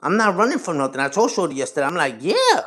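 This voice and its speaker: A man's voice: a little high, expressive, racing, bright, forceful tone. A man in his forties hosting a livestream, talking casually and profanely straight to his chat, rambling from point to point. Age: 40s. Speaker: livestream host.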